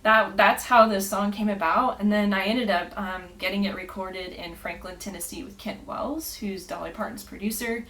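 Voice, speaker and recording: A woman's voice: medium pitch, moderate pace, hardly any pauses, fairly bright tone, low-quality recording. Earnest storytelling woman, laughs often. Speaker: podcast guest. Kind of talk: casual storytelling.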